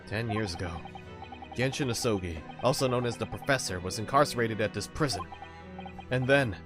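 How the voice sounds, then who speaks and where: A man's voice: mid-range voice, animated, moderate pace, pauses often, over music. A man streaming a story game, talking casually in a playful, self-deprecating way while he thinks aloud. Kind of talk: casual game let's-play commentary.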